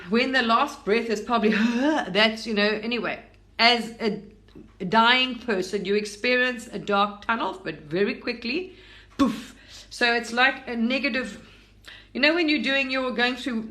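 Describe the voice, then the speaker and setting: A woman from Britain, middle-aged, talking about spiritual matters in a loose, eager, rambling way. She restarts sentences often and slips in fillers. Her voice sits in an ordinary middle pitch. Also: sharp tone. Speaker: spiritual content creator. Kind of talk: casual spiritual talk.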